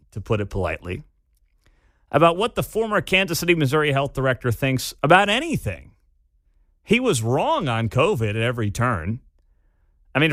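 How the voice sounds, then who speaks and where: A man's voice: fairly high pitch, fairly bright tone, no echo. A man hosting a talk radio show, sarcastic and scornful in an opinionated monologue at a studio mic. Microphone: studio microphone.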